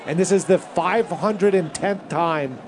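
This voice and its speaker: A man's voice: high-pitched, a little slow, background noise. A man in casual chat, explaining things plainly.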